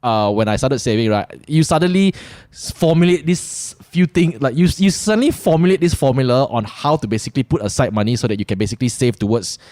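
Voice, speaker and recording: Man, Malaysian English accent, young adult, animated storyteller, dry close sound. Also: fast, few pauses, dry recording. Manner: animated, jumps into high put-on voices for anecdotes. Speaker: host. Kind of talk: casual chat.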